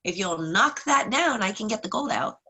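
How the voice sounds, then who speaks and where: A woman's voice: mid-range voice, lively intonation, moderate pace, sharp tone, slightly rough. A woman voicing a crafty male bear who coaxes a visitor into doing his work. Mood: coaxing.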